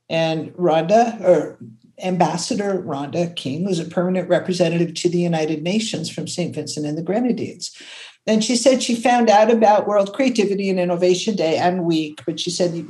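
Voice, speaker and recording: An older woman from Canada, a creativity consultant, telling stories in an animated, conversational way and acting out the voices she quotes. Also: moderate pace. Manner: expressive, acts out quotes, jumps to high pitch when excited.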